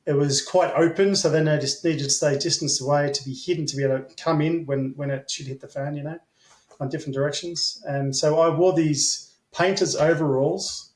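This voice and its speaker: Aussie guy rambling thru war stories, lots of ums, kinda high for a man, echoey room. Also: steady tone, a little fast. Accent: Australian. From Australia. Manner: rambling, filler-heavy, blunt and swearing. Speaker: interview guest. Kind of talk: casual storytelling.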